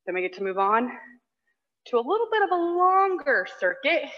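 A woman's voice: high voice, big pitch swings, normal speed, fairly bright tone, big-room sound. A woman fitness instructor coaching a live workout with short cues, countdowns and cheers for people by name, breathing hard as she exercises along. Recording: dull lo-fi online class audio.

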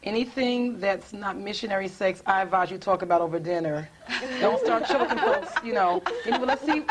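A woman's voice: mid-range voice, big pitch swings, brisk, slightly rough, some chatter behind. A woman hosting a talk show, chatting casually and cracking light jokes as she moves things along. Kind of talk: casual chat.

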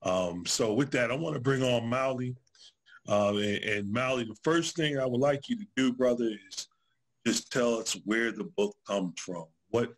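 A man hosting a book talk, introducing the guest in a hesitant way with many fillers. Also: mid-range voice. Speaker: host.

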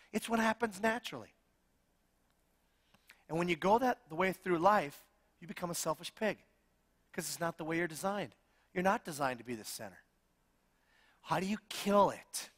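A middle-aged male pastor with a fairly high voice that swings widely in pitch. He preaches with animated, humorous, self-mocking stories, and his voice rings with a long reverb through a church hall. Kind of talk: sermon.

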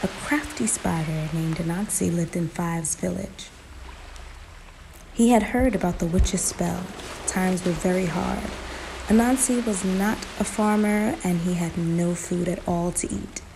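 A woman narrating a folktale in a slow, emphatic storytelling manner, in a noisy recording. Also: on the low side, gravelly.

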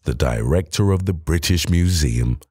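A man voicing a cool, precise male detective who speaks in a low, measured and clipped way in an audiobook. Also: animated, mellow, breathy edge, dry recording, studio quality, full character voice. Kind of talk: audiobook character voice.

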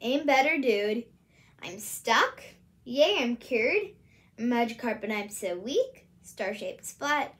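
A woman's voice: fairly high pitch, lively intonation, takes it slowly, a bit bright. A woman from the US Midwest, hosting a casual solo vlog and rambling hesitantly with many fillers. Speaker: channel host.

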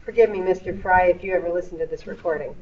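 A woman's voice: on the low side, steady tone, fast, distant mic. Chatty woman teaching in an echoey classroom. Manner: chatty, explains patiently, playful asides. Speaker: middle school English teacher. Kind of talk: classroom lesson. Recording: echoey classroom recorded from afar, dull.

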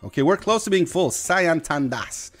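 Animated man chatting on a game stream. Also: a little high, moderate pace, soft background music. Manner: chatty, welcoming viewers, thinking aloud. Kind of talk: casual live-stream chat.

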